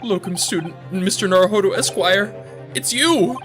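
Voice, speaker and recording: A man's voice: high-pitched, normal speed, pitched above the performer's own voice, lightly acted. A man voicing a theatrical young male client who speaks in melodramatic, swooping exclamations, with game music behind. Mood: excited.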